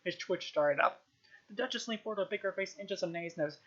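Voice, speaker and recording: A woman's voice: mid-range voice, brisk, lo-fi sound. A woman reading a novel aloud on a live stream, unpolished, with small restarts and chuckles.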